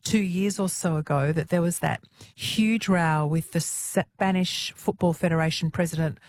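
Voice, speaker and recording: A woman hosting a chat, telling a story fluently and clearly. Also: fairly low pitch, moderate pace, darkish tone, slight background noise. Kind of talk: casual radio-style chat.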